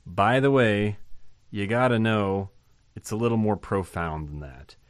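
A man's voice: fairly low pitch, unhurried, dry recording, studio quality. A man giving an informal Bible lesson, thinking aloud with fillers and restarts and rising to emphasize key points. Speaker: Bible teacher.

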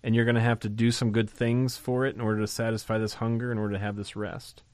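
A low-pitched man leads a Bible study on a podcast, talking casually with musing asides and punching key words. The sound is dry and close, with no room around it. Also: level tone, fast, darkish tone, clear, resonant tone, no room sound. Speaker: pastor.

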